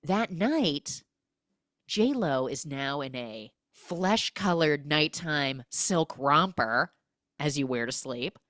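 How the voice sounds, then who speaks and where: Low-voiced, animated woman podcast host. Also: slow, no room sound, studio quality. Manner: animated, gossipy, full of 'like'. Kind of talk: comic movie recap.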